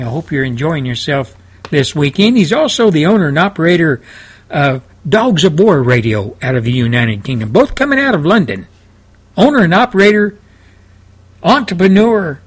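A man's voice: fairly high pitch, slightly rough. A man hosting a talk radio show from his home studio, talking in a folksy, rambling, plain-spoken way. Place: home studio, seated in an easy chair.

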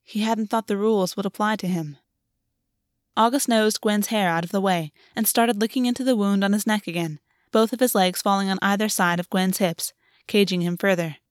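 A woman's voice: medium pitch, steady tone, moderate pace, no room sound. Woman reading a story, dry sound. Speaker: audiobook reader. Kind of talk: reading fan fiction aloud.

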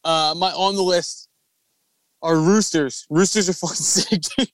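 Loose-talking man, slightly high voice. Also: a little slow, no room sound. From Philadelphia area. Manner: loose, swearing, laughing storyteller. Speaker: podcast host. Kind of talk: casual chat.

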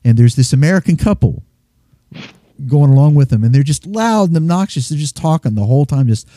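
Mellow-voiced man in casual chat. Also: on the high side, animated, fairly quick, no room sound, clean studio sound. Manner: rambling storyteller who acts out voices.

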